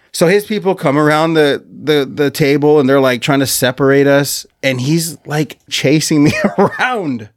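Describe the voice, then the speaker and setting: Animated man telling a wild story. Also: on the high side, no echo, clean studio sound. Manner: animated, laughs through his story. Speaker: podcast co-host. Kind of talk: casual storytelling chat.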